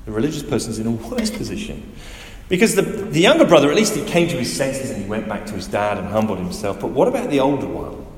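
A man preaching a sermon, emphatic and animated, putting direct questions to his listeners. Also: medium pitch, fast. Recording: echoey hall with faint ambience.

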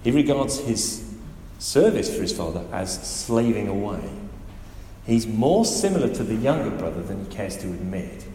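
A man delivers a sermon with a lively, rising-and-falling voice, pressing points home and asking the congregation questions. His words echo around a big hall with a long reverb tail and faint room noise behind. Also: fairly low pitch, normal speed. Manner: animated, emphatic, asks the listeners direct questions. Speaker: preacher. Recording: echoey hall with faint ambience.

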